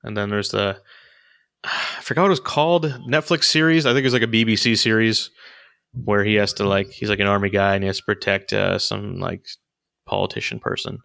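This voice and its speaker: A man casually rambles through movie opinions, his voice sitting a little low yet bright and forceful in tone. He leans on fillers and restarts as he thinks aloud, in easy conversation with a co-host. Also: fairly quick, vocal fry. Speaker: podcast co-host reviewing movies. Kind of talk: casual chat.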